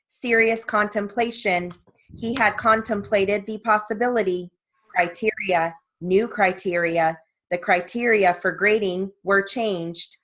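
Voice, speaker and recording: A woman reading word lists and sentences as dictation practice, evenly and deliberately, with short spoken asides. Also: mid-range voice, a bit bright, rough recording. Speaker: dictation reader for steno practice.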